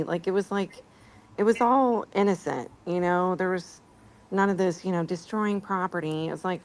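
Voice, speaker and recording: A woman's voice: on the low side, moderate pace, darkish tone, slight background noise. A middle-aged woman hosting a casual chat, telling stories and laughing often as she talks. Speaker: stream host.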